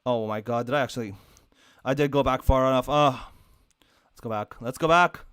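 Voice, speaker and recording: A male streamer doing reaction commentary into a desk microphone, talking in an animated, emphatic way with lots of "like". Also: medium pitch, normal speed, clear, resonant tone.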